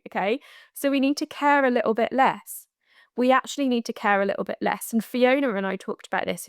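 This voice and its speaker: Woman podcaster chatting about energy stuff, laughs a lot, kinda high voice, dry close sound. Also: no room sound. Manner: chatty, laughs often, many asides like "okay?" and "right?". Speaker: podcast host. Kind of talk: solo spiritual coaching talk.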